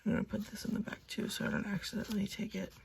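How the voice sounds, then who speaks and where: A young woman chatting casually as she counts and sorts cash, talking to herself now and then and dropping into soft whispers. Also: medium pitch, little pitch movement, very fast, gravelly, husky. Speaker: budgeting vlogger.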